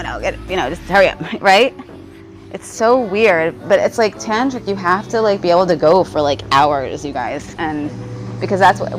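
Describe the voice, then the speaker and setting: A young woman talks to her viewers in a loose, rambling way, leaning on fillers and restarts. Her voice sits a little low and she smokes as she goes. Faint music plays softly underneath. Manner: chatty, rambling, many likes and you guys. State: smoking while talking. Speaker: spiritual vlogger. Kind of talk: casual confessional monologue.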